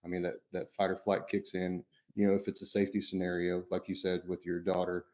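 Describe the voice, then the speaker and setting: Low-voiced rambling dad on a podcast. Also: male voice, completely flat delivery, fairly quick, darkish tone, dull audio. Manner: rambling, many "you know" fillers and restarts. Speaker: podcast co-host and father. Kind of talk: casual podcast chat.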